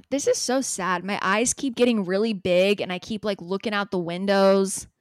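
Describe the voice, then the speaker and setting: A young adult woman co-hosting a podcast. She tells a story in a casual, animated way, swears freely and acts out what people said. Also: medium pitch, moderate pace, no room sound, studio quality. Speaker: podcast co-host.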